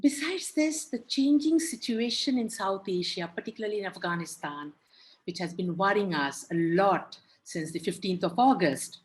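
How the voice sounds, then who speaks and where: A woman giving a formal academic presentation at a conference, in a measured, emphatic delivery. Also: medium pitch. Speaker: conference speaker.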